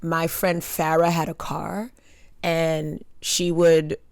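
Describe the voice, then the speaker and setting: Brief: young woman from Long Island, lower voice, comic storyteller, animated and laughing, dry close mic. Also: slow, gravelly, no room sound. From Long Island, New York. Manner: animated, laughs through her stories. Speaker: comedian guest. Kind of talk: casual podcast storytelling.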